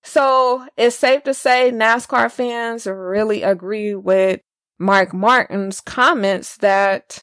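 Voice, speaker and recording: A woman's voice: mid-range voice, slow pace, fairly bright tone, no echo, clean studio sound. A woman co-hosting a casual racing podcast, chatting and reading listener comments aloud. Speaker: podcast co-host.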